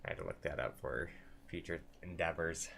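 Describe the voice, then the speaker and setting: A man narrating as game master of a tabletop game, explaining rules and voicing the characters in a relaxed way. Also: extremely low pitch, fairly quick, vocal fry, a little hiss or hum. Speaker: dungeon master.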